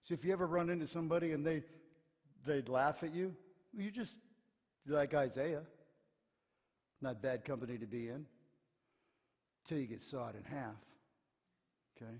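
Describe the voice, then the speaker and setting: A male pastor preaching a sermon. He tells stories with energy, acts out the quotes, and often drops to a hushed tone to stress a point. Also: on the high side, moderate pace, pauses often. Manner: lively storyteller who acts out quotes, often dropping to a hushed tone for emphasis. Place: church sanctuary. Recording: long hall reverb.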